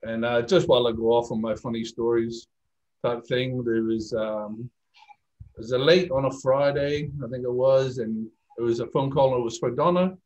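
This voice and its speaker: A man's voice: mid-range voice, fairly even intonation, normal speed, a little mellow, lo-fi sound. A middle-aged man with an Irish accent, telling anecdotes as a guest in a casual interview, chatty and self-deprecating. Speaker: guest, speaker agency owner.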